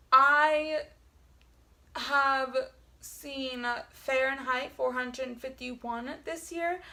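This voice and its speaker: A woman's voice: high voice, creaky, bright, forceful tone. A woman book vlogger chatting casually, rambling with lots of "like" fillers and self-corrections. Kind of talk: casual chat.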